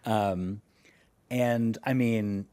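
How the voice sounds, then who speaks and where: Mellow low-voiced man co-hosting. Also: drawn-out words, clear, resonant tone, dry recording. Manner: relaxed, filler-heavy, says like a lot. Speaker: podcast co-host. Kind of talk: casual chat.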